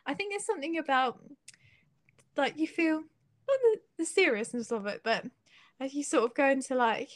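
This is a high-pitched young woman with a British English accent, chatting casually as a singer-songwriter being interviewed. Her speech is giggly and halting, full of restarts.

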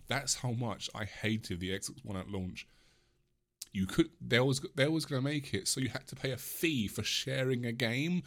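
A man's voice: medium pitch, a bit bright. A man in his mid-twenties ranting on his own, swearing often, restarting sentences and apologising for rambling. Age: mid-20s. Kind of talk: solo rant.

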